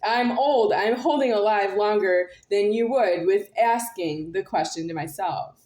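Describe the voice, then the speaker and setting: A woman's voice: mid-range voice, a little slow, a little mellow. A woman talking to camera in a rambling monologue, repeating and circling her phrases insistently. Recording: roomy echo.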